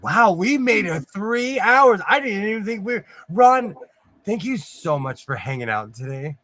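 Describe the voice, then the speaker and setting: A man from California hosting a casual livestream chat, talkative and quick to laugh. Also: high-pitched, very animated, bright, forceful tone, dry recording. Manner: chatty, laughs often. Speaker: host.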